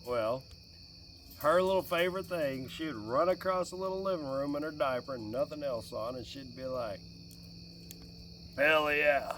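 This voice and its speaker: A middle-aged man telling stories about family life in a casual, animated way, often laughing, sitting outdoors by a fire. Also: medium pitch, normal speed, background noise. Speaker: vlogger and dad. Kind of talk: casual fireside storytelling. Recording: distant mic outdoors, faint crickets. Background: faint crickets and outdoor ambience.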